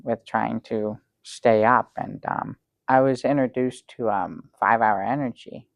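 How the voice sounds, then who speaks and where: Man doing a clueless sidekick with a gravelly voice, halting and rambling, dry close sound. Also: mid-range voice, steady tone, no echo, dull audio. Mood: earnest. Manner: rambling, halting with many ums, sincere. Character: naive dim-witted male sidekick Bert. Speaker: show regular. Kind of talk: improv sketch comedy.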